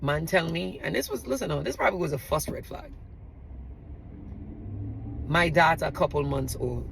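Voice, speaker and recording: A middle-aged woman with a Virgin Islands accent tells her own story, talking straight to her listeners in a lively, chatty way. Her voice has a gravelly edge with some vocal fry. The recording is noisy, with steady vehicle rumble underneath. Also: moderate pace. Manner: chatty and animated, often addressing listeners directly. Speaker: storyteller host. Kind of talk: personal storytelling to an audience.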